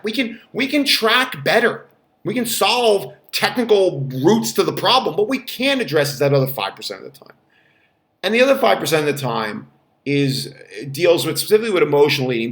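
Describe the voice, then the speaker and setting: A man who works as a fitness trainer, giving blunt, casual advice. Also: a little high. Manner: blunt, animated, acts out quotes in loud voices. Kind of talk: casual talking-head advice. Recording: echoey room.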